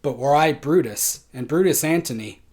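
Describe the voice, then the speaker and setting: A man's voice: a little high, normal speed, a little mellow, natural voice. A man reading the part of Mark Antony, a grieving Roman man stirring up a crowd, in a solemn, declaiming Shakespeare recitation. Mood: rousing.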